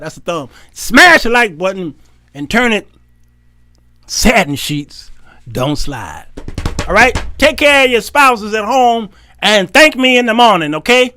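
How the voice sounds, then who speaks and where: A man's voice: high voice, bright, forceful tone, no echo, studio quality. A man hosting a faith-based talk show, joking and laughing often with a preacher-like cadence. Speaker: host.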